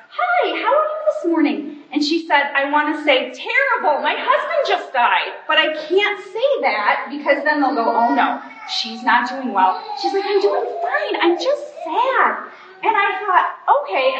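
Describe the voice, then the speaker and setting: A woman's voice: sits high, a bit bright, a little hiss or hum. A middle-aged woman, a pastor's wife, talking casually and self-deprecatingly to a church group, laughing often. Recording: roomy, distant, dull sound.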